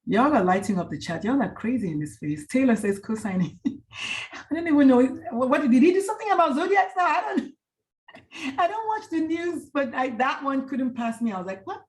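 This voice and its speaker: A middle-aged woman presenter on a video call from a hotel room, chatting warmly and greeting each attendee by name. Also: high voice, expressive, normal speed. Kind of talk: casual online talk wrap-up.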